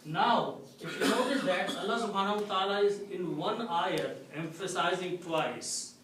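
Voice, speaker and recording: A man teaching an Arabic grammar lesson to a class, explaining slowly and checking with a frequent "okay?". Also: sits high, a bit bright. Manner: slow, explanatory, repeats "okay?" to check understanding. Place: mosque classroom. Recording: echoey room, distant mic, faint noise.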